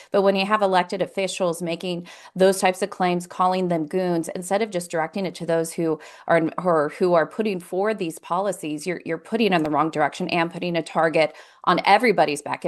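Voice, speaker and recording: A woman, a communications consultant, arguing her point steadily as a talk show guest. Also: fairly low pitch. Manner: steady, argumentative. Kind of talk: political talk show discussion.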